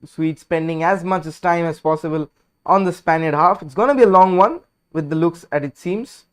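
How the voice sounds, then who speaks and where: His tone clean and his pace moderate, a high-voiced man talks through a football match on his live watch-along stream. The chatter is casual and opinionated, sliding between excited calls of the action and quiet, drowsy remarks.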